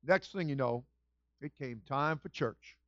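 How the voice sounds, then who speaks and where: A man preaching a sermon as senior pastor, with a lively storytelling manner that swings from loud to soft. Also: mid-range voice, unhurried, dry recording, lo-fi sound.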